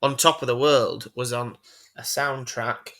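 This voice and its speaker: A man's voice: mid-range voice, steady tone, a little slow, fairly bright tone. A man co-hosting a podcast, laid-back and wry in casual chat. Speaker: podcast co-host.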